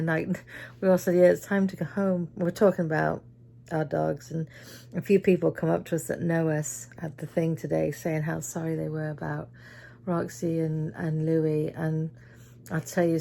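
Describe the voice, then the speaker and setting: A woman's voice: low voice, gravelly, mellow, slight background noise. A tired middle-aged woman from Britain, chatting through her day in a casual vlog and acting out what people said. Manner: chatty storyteller, acts out quoted voices. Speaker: vlogger.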